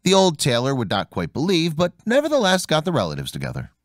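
A man narrating a fairy tale as an audiobook, reading with a very animated delivery and big pitch swings on the dialogue. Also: fast talker, no echo, studio quality. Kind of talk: storybook narration.

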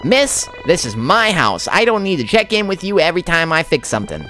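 A man voicing a pushy, creepy middle-aged male landlord in a game, with a nasal, high-pitched voice and a folksy, territorial way of talking. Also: sing-song, fairly quick, pushed and bright, faint music behind. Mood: defensive.

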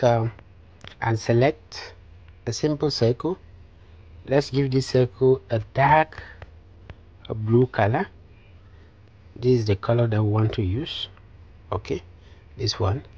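Husky-voiced man giving a design tutorial. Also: medium pitch, slow, long pauses, highs cut off. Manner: calm step-by-step instructions with frequent fillers. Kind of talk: screen-recorded software tutorial.

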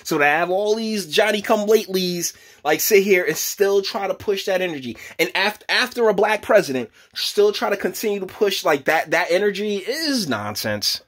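A man giving casual reaction commentary, rambling with many stammered restarts and jumps into high laughter. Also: lively intonation, normal speed, hardly any pauses, a bit bright. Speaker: YouTube commentator.

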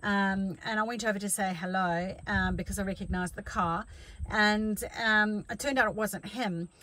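A woman's voice: mid-range voice, fairly even intonation, normal speed, a bit bright, no room sound, low-quality recording. A middle-aged woman life coach giving a chatty motivational talk, telling stories with many restarts.

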